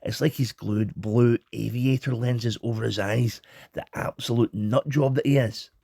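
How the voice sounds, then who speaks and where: A man's voice: mid-range voice, fairly even intonation, unhurried, vocal fry, mellow, breathy edge, no room sound, studio quality. A Scottish man giving a cheeky, irreverent toy review in a scripted comic style.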